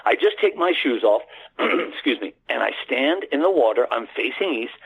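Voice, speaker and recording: A man's voice: mid-range voice, lively intonation, moderate pace, creaky, breathy edge. A man telling a long personal story as a radio guest, earnest and rambling, with many restarts, addressing the host by name. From United States. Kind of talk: casual storytelling on a phone-in radio show. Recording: tinny phone line.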